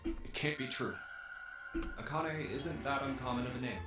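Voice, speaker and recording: A man's voice: medium pitch, normal speed, lightly acted. An actor playing a shaken young man in a game who mutters to himself in denial. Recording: echoey inner-voice effect, distant, with music.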